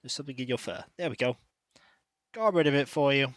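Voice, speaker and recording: A man's voice: medium pitch, fairly quick, no room sound. A man streaming from home, chatting casually with viewers and cooing at his cat. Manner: chatty, coos and baby-talks to his cat. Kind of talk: casual pre-stream chat.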